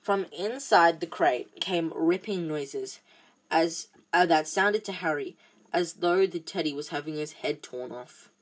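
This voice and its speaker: A woman with a fairly low voice reads a novel aloud. She stumbles now and then, backing up to restart sentences with small fillers. It is a plain, home-style reading. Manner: halting, frequent restarts and fillers. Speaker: storybook reader.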